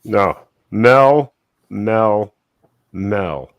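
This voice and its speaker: Man, very deep voice, dry close mic, joking livestream co-host. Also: animated, drawn-out words, no echo. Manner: joking, loose and teasing. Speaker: co-host of a live stream. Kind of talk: casual late-night livestream chat. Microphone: desktop microphone.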